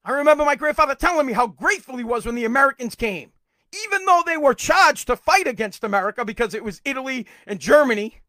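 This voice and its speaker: A middle-aged man with a strikingly high voice hosts his own podcast. He rants heatedly and profanely, sometimes breaking into shouts, and his voice sits close and dry with no room sound. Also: lively intonation, fast, dry recording. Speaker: podcast host. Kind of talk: political rant.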